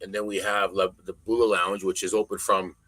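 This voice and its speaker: Blunt, cussing man with a low, forceful voice. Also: level tone, fairly quick, no room sound, rough recording. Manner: blunt, heavily profane, emphatic ranting. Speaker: podcast guest. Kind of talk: casual podcast conversation.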